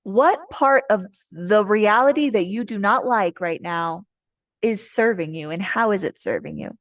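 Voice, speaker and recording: A woman's voice: mid-range voice, a little slow, no echo. Chatty, laughing woman reading cards. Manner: chatty and playful, jokes, laughs and swears often. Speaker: tarot card reader. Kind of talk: casual pick-a-card reading to viewers.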